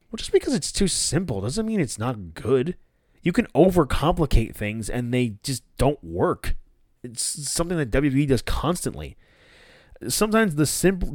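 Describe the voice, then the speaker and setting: Smooth-voiced man rambling through a review. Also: mid-range voice, no echo, clean studio sound. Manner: rambling, with restarts and casual swearing. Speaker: wrestling podcast host. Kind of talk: casual solo review.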